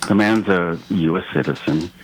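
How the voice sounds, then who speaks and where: Man, radio caller, very low voice, earnest, slightly indignant. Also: moderate pace, rough recording. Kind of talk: call-in radio conversation.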